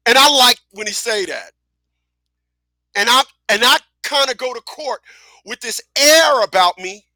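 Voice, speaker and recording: Radio host, man, high bright voice, emphatic and profane, dry booth. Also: lively intonation, a little slow, no room sound. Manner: blunt, emphatic, profane, repetitive. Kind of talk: casual talk radio monologue.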